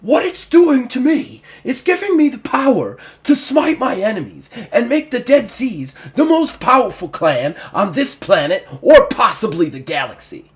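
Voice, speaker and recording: A man's voice: a little high, very animated, slow pace, long pauses. A man voicing a hot-tempered, power-hungry male orc warlord who roars his lines. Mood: furious. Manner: roaring, menacing.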